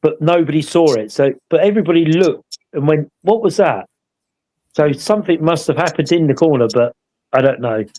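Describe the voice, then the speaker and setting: Chatty man, higher-pitched. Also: brisk, dark tone, rough recording. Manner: rambling, tag questions seeking agreement. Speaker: paranormal investigator co-hosting a live show. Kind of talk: casual anecdotal storytelling.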